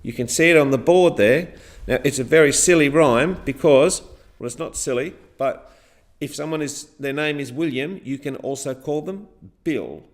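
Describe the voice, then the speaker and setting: A man's voice: on the high side, moderate pace. A man teaching a class, guiding the pupils step by step through a chanted rhyme with counts and clapping. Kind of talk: classroom rhythm lesson.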